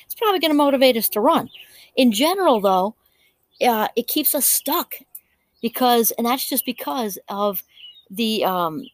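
A woman in her fifties talking through a casual, reflective solo monologue, rambling with frequent fillers and restarts. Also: medium pitch. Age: 50s. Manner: rambling, full of "you know" and restarts.

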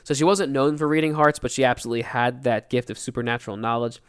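A young man co-hosting a podcast, telling a story in a relaxed, chatty way. His voice is smooth and clear at an ordinary male pitch, and he slips into little voices for the people he quotes. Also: fast. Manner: animated storyteller acting out quotes. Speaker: podcast co-host. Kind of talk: casual storytelling chat.

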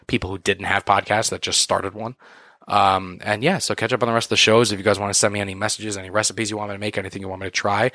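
A man's voice: lowish voice, sharp tone, no echo. A man hosting a podcast, talking in a casual, exasperated rant full of swearing and fillers. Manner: profane, exasperated, filler-heavy. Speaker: podcast host. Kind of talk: casual ranting monologue.

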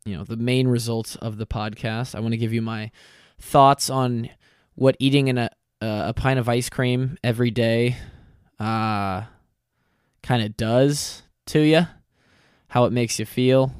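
A tired young man talks through his solo podcast in a loose, rambling way, stopping to correct himself and filling gaps with ums. His voice is smooth and clear, and it sounds close and dry with no room around it. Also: medium pitch, no room sound. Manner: rambling, self-correcting, with many fillers. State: tired and lightheaded from fasting. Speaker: podcast host. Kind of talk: casual solo podcast talk.

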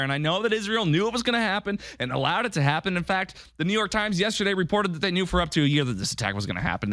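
A man's voice: sits high, a bit bright, no echo, clean studio sound. A man hosting a political podcast, delivering an emphatic commentary monologue full of rhetorical questions. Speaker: podcast host.

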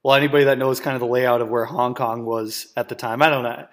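A man's voice: medium pitch, steady tone, quick pace, fairly bright tone. A man from Wisconsin hosting a podcast, telling a story casually, rambling with fillers, laughs and swearing. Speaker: podcast host and coach.

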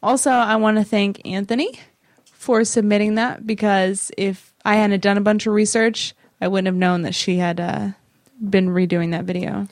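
A woman's voice: medium pitch, little pitch movement, moderate pace, darkish tone, no echo, clean studio sound. A woman co-hosting a podcast in casual chat, talking in a chatty, teasing way. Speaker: podcast co-host.

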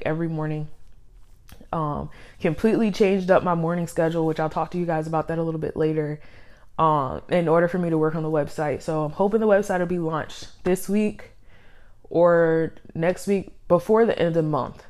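A young woman hosts her own solo podcast, speaking into a studio microphone at normal speed in a low, steady voice with a darkish tone. Her talk is casual and rambling, a little out of breath, packed with fillers and frequent laughs.

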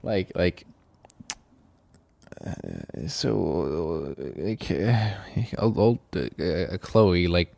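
Deep voiced podcast guy rambling on, lots of likes and ums, dry no-room sound. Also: extremely slow, creaky, mellow, dry recording. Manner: rambling, lots of fillers and goofy bits. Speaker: podcast co-host. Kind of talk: casual chat.

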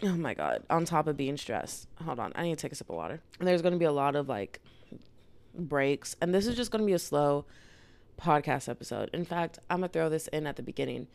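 A woman's voice: deep voice, expressive, brisk, vocal fry, darkish tone, no echo. A woman in her twenties hosting a solo podcast, talking candidly and rambling in casual slang, her throat dry and irritated. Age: 20s. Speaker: podcast host.

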